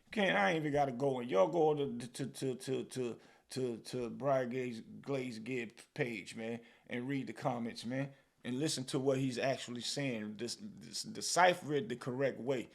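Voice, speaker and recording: A man with a New York accent runs a podcast in an animated, casual way. His voice has a gravelly edge, and he keeps landing his points with "man.". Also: medium pitch, moderate pace. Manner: animated, repeats "man" and "bro". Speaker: podcast host. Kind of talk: casual commentary.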